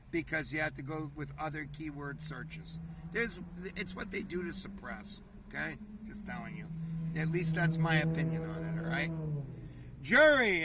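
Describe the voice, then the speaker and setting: A man's voice: fairly high pitch, bright, forceful tone, recorded from a distance, a little hiss or hum. A man hosting a casual commentary show, reading news headlines aloud and riffing on them in a rambling, conversational way, often calling his viewers folks.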